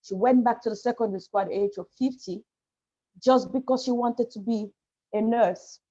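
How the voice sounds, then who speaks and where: A woman speaking as a panel guest over a video call, halting and apologetic as she shares a painful personal story. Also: on the high side, mellow. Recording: muffled lo-fi video call audio.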